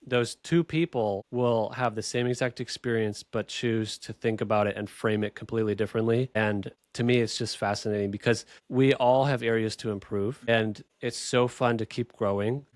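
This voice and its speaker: A man's voice: lowish voice, fairly even intonation, normal speed, hardly any pauses, no room sound. Man, podcast host, upbeat and reflective, dry close sound. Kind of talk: casual podcast chat.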